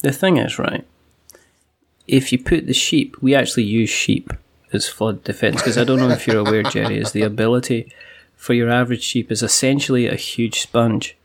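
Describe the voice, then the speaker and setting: Scottish man guesting on a casual podcast, deadpan jokey delivery. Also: medium pitch, normal speed. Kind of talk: casual chat.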